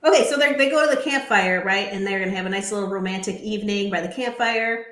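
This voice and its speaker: A woman's voice: medium pitch, fast talker, fairly bright tone. A woman co-hosting a podcast, recapping events in a giggly, chatty storytelling manner. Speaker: podcast co-host. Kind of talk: casual recap chat. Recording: echoey room.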